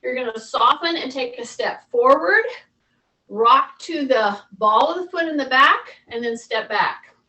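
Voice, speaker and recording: A woman's voice: high voice, expressive, a little slow, sharp tone, distant mic, low-quality recording. A woman fitness instructor talking viewers through a workout, chatty and coaching, repeating her cues.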